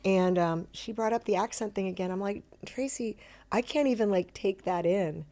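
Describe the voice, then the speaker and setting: A middle-aged actress chatting as a podcast guest, self-deprecating and lively, slipping into voices as she tells stories. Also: medium pitch, a little fast. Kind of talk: casual interview chat.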